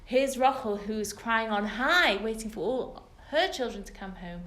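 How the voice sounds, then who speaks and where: With a fairly high, slightly bright voice and an unhurried delivery, a British woman leads a women's Torah class as their religious teacher. She recounts the story earnestly and emphatically to the gathered group. Echo fills the room.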